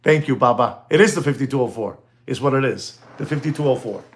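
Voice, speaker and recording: Guy, hyping watches on a live stream, super animated, keeps dropping words. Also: mid-range voice, fast talker. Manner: animated, mixes Spanish exclamations into English, thanks viewers by name.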